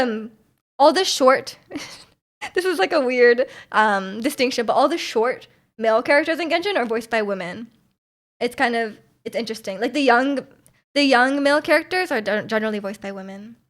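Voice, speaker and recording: A woman's voice: a little high, a bit bright. A young woman streamer chatting casually with her viewers, giggling and rambling as she answers their chat messages. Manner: giggly, rambling, trails off into mumbles.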